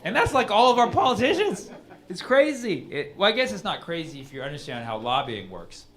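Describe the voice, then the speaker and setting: A man's voice: high-pitched, sing-song, fairly quick, over a noisy crowd. A man doing a stand-up set in a comedy club, talking loosely with many restarts. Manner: rambling, conversational, frequent restarts.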